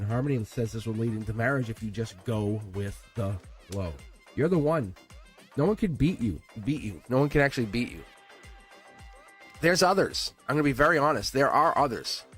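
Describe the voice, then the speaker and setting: A man at a medium pitch hosts a live tarot reading, talking to his viewers in a loose, chatty way. He laughs often and swings from bursts of excitement down to a low murmur. Faint music plays behind him. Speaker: tarot reader.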